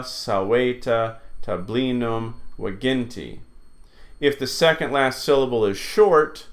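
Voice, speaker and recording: A man teaching an online Latin lesson, explaining slowly and patiently with many fillers. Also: medium pitch.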